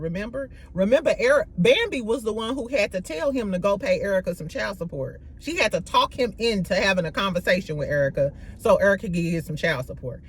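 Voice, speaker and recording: Brash woman gossip host, animated delivery, slangy and profane, slight background noise. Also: mid-range voice. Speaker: podcast host. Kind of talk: casual gossip commentary.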